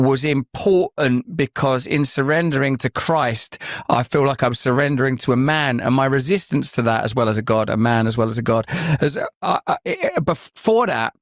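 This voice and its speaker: A man from England with an English accent, talking forcefully in a long, flowing monologue. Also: mid-range voice, dry recording, clean studio sound. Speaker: podcast host in a played clip.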